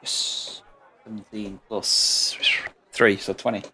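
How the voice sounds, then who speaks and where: A man's voice: lowish voice, level tone, takes it slowly, sharp tone, breathy edge, a faint crowd. A man playing in a tabletop game, chatting with laughing asides. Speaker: player. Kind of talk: casual game talk.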